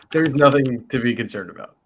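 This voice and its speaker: Tabletop player, in character, wry, boastful, mock-worried, mid pitch. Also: a little hiss or hum.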